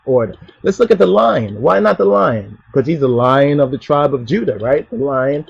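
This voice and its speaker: A man teaching scripture as a Rastafari preacher, emphatic, often asking "you understand" and reading verses slowly. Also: mid-range voice, animated, gravelly, breathy edge, dry recording. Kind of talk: preaching Bible study talk. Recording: dull, dry lo-fi voice recording.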